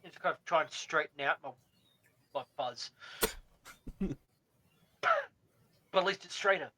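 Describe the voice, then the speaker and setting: A man playing a gruff male gnome newcomer in a tabletop game, joking and swearing freely. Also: on the high side, unhurried, pushed and bright. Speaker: player. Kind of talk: tabletop role-play in character.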